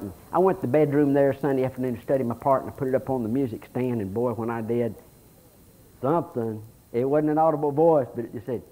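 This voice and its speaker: A pastor preaching a sermon, telling folksy stories and reading scripture aloud with animation. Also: male voice, mid-range voice, mellow, poor audio.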